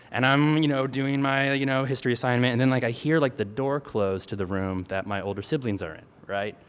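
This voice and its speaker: A man in his thirties telling a true story on stage, chatty and animated, full of filler words, acting out his siblings with sudden shouts. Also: mid-range voice. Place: theater stage before an audience. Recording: long hall reverb, faint ambience.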